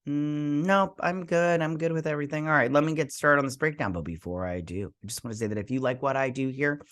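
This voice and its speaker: A man's voice: fairly high pitch, quick pace, a bit bright, no room sound. Ranting man hosting a review. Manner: emphatic, repetitive, lots of "like". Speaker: host. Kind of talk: casual video review rant.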